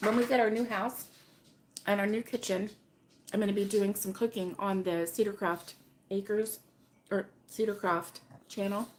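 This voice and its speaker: A middle-aged woman hosting a casual crochet live stream, chatting with viewers by name and laughing often, her voice still hoarse from being sick. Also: mid-range voice, fairly even intonation, normal speed, a little hiss or hum. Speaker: crochet channel host.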